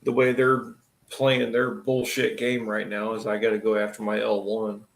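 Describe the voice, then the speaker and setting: A man's voice: on the low side, completely flat delivery, normal speed, creaky, reverberant, a little hiss or hum. A man who works as an auto technician, hosting a casual live stream and talking bluntly and profanely about shop work.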